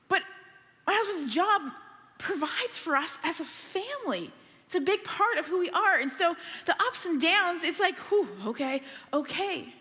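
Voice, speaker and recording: A middle-aged woman preaching a sermon in a church, telling stories in a lively, conversational way. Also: extremely high pitch, moderate pace, in a large hall. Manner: animated, conversational storytelling.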